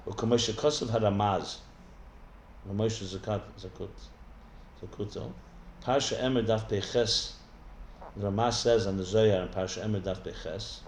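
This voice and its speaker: A man's voice: on the low side, a little mellow, a little hiss or hum. A man teaching as a rabbi in a live text study class, explaining as he goes and often restarting his sentences. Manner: thinks aloud with many restarts, explanatory. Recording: echoey room with faint ambience.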